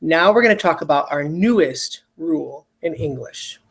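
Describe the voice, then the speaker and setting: A spelling teacher giving a recorded lesson for children, patiently repeating each example word with slow, exaggerated enunciation and checking in often. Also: medium pitch, lively intonation, slightly rough.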